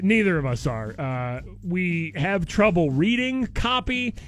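A man hosting a radio morning show, joking excitably and reading out listener tweets. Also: high voice, a little slow. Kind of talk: casual radio banter.

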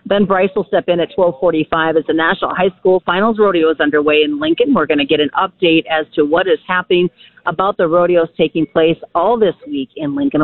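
A woman with a Minnesota accent, a radio farm show host calling in from a farm show, cheerful and upbeat, laughing easily. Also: lowish voice. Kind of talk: casual radio chat over the phone. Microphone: phone line. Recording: tinny dry phone line.

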